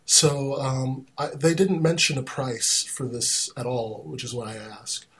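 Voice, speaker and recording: A man at a mid-range pitch hosts a relaxed gaming podcast. He is chatty, moves the talk along briskly and reads out news items between questions for his co-hosts. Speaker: podcast host. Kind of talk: casual gaming podcast chat.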